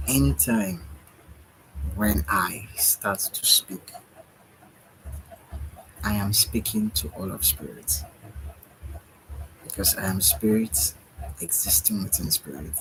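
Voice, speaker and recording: Late at night, a tired man gives a slow, musing spiritual monologue, sighing and yawning as he speaks. His voice is lowish, and the audio is poor with slight background noise.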